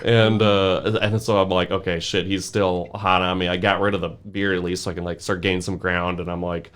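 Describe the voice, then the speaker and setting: A man's voice: sits low, a little fast, clean tone. A young man telling a wild story as a podcast guest, laughing often and packing his talk with "like". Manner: animated, laughing, full of "like" fillers. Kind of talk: casual storytelling.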